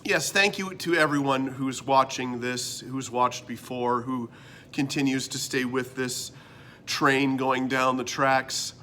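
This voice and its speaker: A middle-aged man from Canada hosting a comedic vlog, ranting in an animated, exasperated way. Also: medium pitch, slow pace, slight background noise. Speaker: host.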